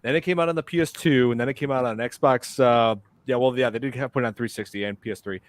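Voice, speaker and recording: A man's voice: mid-range voice, steady tone, fast, no room sound. A man hosting a podcast in casual chat, rambling with many fillers. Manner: rambling, lots of "like" and "uh". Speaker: podcast host.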